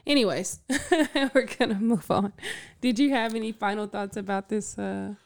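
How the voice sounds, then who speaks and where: A woman co-hosting a casual podcast, chatting about an anime, quick to correct details and laughing easily. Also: mid-range voice, steady tone, vocal fry. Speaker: podcast co-host. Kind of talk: casual anime recap chat.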